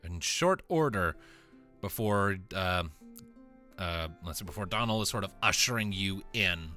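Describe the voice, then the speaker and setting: A man narrating a tabletop game as game master, chatty and quick to laugh, with faint music underneath. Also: low voice, lively intonation, bright, forceful tone. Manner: laughs often, loose and chatty.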